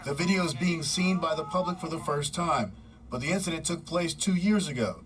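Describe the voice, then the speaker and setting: A man delivering a scripted news report in a measured, formal way. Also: fairly high pitch, lively intonation, distant mic, low-quality recording. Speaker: news correspondent.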